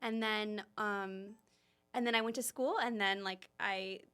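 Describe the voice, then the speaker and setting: A woman's voice: medium pitch, steady tone, measured pace, sharp tone, clear, resonant tone. A young woman just starting out as an esthetician, reflective and chatty in a casual podcast conversation. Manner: reflective, chatty with many fillers. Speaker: podcast co-host, new esthetician.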